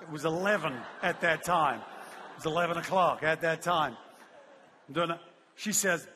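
A man preaching a sermon in a church hall, telling a story in an animated way and laughing as he goes. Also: sits high, fairly quick. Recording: long hall reverb.

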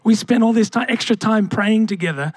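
A man's voice: high voice, brisk, no echo. A young man preaching a sermon as pastor, asking the congregation rhetorical questions and calling out to them.

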